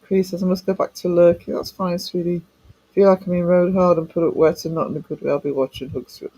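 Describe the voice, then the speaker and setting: A man's voice: sits high, level tone, quick pace, mellow, husky, rough recording. A man live-streaming and chatting casually with viewers, greeting them by name with affectionate pet names, his voice cracking a little.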